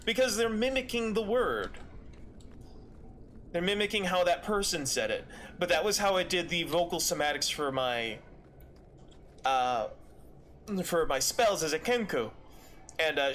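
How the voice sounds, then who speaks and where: A man's voice: on the high side, a bit bright, a little hiss or hum. A man streaming a game, chatting casually in a rambling way with many fillers. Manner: rambling, lots of fillers and restarts. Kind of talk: casual chat while gaming.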